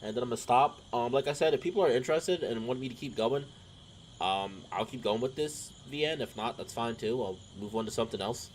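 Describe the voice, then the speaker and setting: A man's voice: mid-range voice, brisk, slight background noise. A man casually reading a visual novel aloud and chatting about it as he plays, with fillers and rambling asides. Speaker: game streamer. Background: game music.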